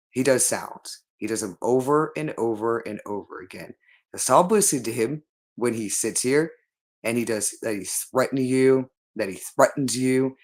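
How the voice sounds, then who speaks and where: A man speaking a rambling monologue, repeating himself insistently and addressing the listener directly. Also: medium pitch.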